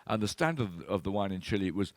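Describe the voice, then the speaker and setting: A man's voice: lowish voice, fast talker, dry recording. An older man, giving an enthusiastic, anecdotal talk as a wine expert. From Britain. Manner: enthusiastic storyteller, animated, acts out voices.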